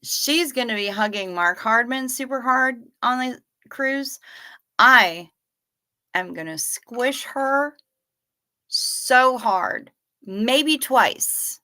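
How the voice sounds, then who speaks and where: Woman livestream host, bright tense tone, slow easy delivery, swears freely, gushes over her viewers. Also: fairly high pitch. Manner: profane, effusive, greets viewers by name. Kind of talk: casual livestream chat reading viewer comments.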